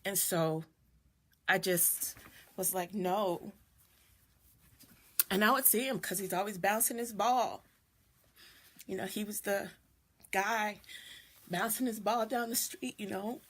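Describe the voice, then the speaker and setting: A woman's voice: mid-range voice, measured pace, long pauses, fairly bright tone, slightly rough. Middle-aged woman, vlog host, reflective personal storyteller, mid-range voice. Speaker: doula and video host. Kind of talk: personal storytelling on a live stream.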